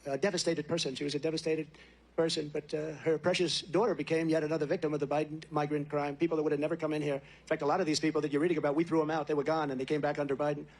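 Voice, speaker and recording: A man delivers a campaign rally speech at a brisk clip. He rambles, boasts and circles back over the same points again and again, his voice sitting high for a man. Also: flat delivery, a little mellow. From United States. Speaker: political candidate.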